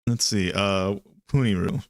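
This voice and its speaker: A man's voice: sits low, a little slow, creaky, no room sound. A man co-hosting a podcast in casual chat who laughs often, swears and reads reviews aloud. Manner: laughs often, profane, drifts into dropped tones. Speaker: podcast co-host.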